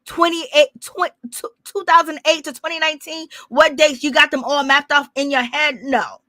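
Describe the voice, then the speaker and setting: A woman's voice: high-pitched, steady tone, moderate pace, pushed and bright, dry recording. A woman hosting a gossip channel, chatting casually and teasing with frequent laughter. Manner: laughs often, sassy and teasing.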